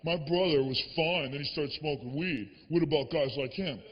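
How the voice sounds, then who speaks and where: Man doing an aggrieved young bro, low, grumbling, accusing, lo-fi live sound. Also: normal speed, long reverb tail, natural voice. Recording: dull lo-fi live recording.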